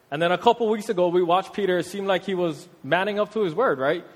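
A young man from Hawaii, preaching a casual, slang-filled sermon in a conversational, animated way. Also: sits high, fast, hardly any pauses. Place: church hall. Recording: long hall reverb.

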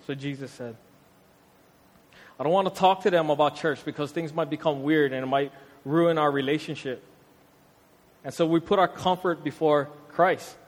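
A young man delivers a casual sermon, easygoing and full of slang. His voice sits a bit high for a man, and a long church-hall reverb trails every phrase. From Hawaii. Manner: conversational, animated, street slang. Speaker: preacher.

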